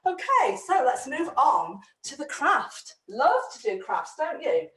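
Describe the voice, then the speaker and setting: A chatty woman storyteller explains her show to parents, her voice bouncing with lively pitch. She sits a bit high for a woman. The sound is roomy, picked up from a mic some distance away. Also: measured pace. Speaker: children's storyteller addressing parents.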